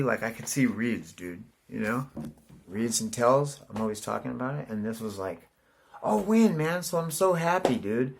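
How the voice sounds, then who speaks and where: A man's voice: mid-range voice, gravelly, slightly rough. A man in his forties from California, rambling casually to the camera, swearing and saying "dude" constantly. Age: 40s. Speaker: vlogger.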